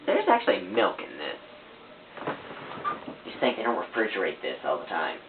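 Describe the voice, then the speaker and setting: A woman's voice: a bass voice, wildly swooping pitch, normal speed. A woman rambling in her bedroom, distracted and swearing often. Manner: distracted, random, swears a lot. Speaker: first-time vlogger. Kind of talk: rambling casual webcam talk. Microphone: camera propped on a glass on a fan. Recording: tinny, noisy, echoey home webcam.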